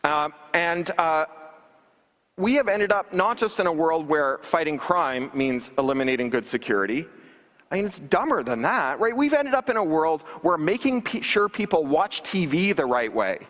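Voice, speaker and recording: A man's voice: fairly high pitch, animated, normal speed, a bit bright. A man giving a conference keynote talk, wry and sarcastic, with frequent ums and restarts. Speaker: conference speaker. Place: large conference hall stage. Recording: long reverb of a large hall.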